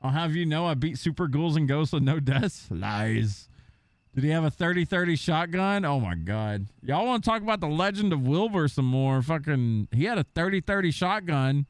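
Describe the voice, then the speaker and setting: A young man streaming and chatting with viewers, telling stories in a profane, animated way and slipping into mocking impressions. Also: a little high, moderate pace, no room sound. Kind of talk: casual chat with stream viewers.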